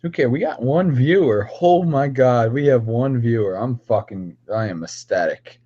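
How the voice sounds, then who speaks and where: A man's voice: medium pitch, expressive, normal speed, dark tone, husky. Man, confrontational profane rant, casual stream talk, dull lo-fi sound.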